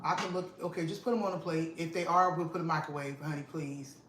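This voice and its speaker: A woman vlog host, telling an animated, emphatic story to her viewers and repeating lines for effect, at home in her kitchen. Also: deep voice, fast talker. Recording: roomy echo with faint noise.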